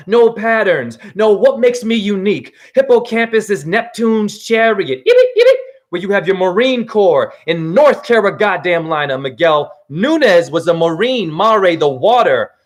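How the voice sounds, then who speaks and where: A man in his forties delivering an angry, accusatory video rant as a self-styled spiritual teacher, swearing freely. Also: high voice. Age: 40s. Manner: angry, accusatory, emphatic ranting with profanity. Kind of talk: ranting video monologue.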